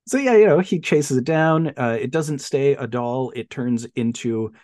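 A man co-hosting a podcast, chatting casually about films and retelling plots with animated storytelling and quick silly voices for the characters. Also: medium pitch, no room sound, clean studio sound. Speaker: podcast co-host. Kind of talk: casual film chat.

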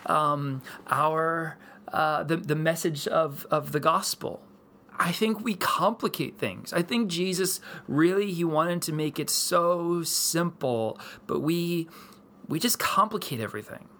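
A man in his thirties, a pastor, telling a personal story in a sermon, rambling with many restarts. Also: fairly high pitch. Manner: rambling, repetitive restarts, animated.

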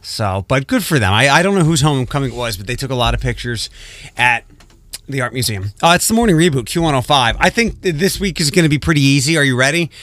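A man's voice: medium pitch, expressive, fast talker, a bit bright, no echo. A man hosting a morning radio show, teasing his co-host in a wry way.

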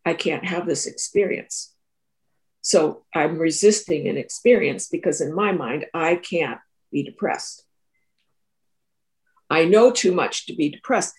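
A woman's voice: low voice, expressive, measured pace. Earnest woman retelling a personal story. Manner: earnest, repeats and restarts phrases. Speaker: Three Principles teacher and therapist. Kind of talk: reflective personal story in an interview.

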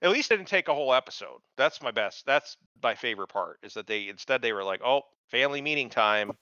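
This podcast co-host talks fast in a bright, forceful mid-range voice with big pitch swings, swearing as he rants about a TV show. He mocks the characters in put-on voices during the crude, casual recap. There's no echo, and the sound is dull and lo-fi.

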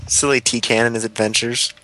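A man's voice: medium pitch, pushed and bright, a little hiss or hum. A man co-hosting a casual chat, teasing and jokey.

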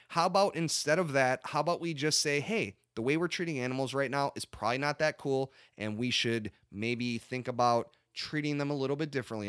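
A man hosting a casual podcast, ranting with lots of swearing and animated asides. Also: mid-range voice, no echo, clean studio sound. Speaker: podcast host.

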